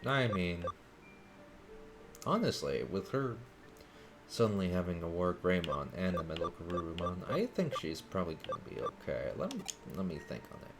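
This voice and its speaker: Deep-voiced man joking through a game. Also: very animated, normal speed. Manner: joking, profane asides. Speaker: streamer. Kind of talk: live gameplay commentary. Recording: game music loud underneath. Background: game music.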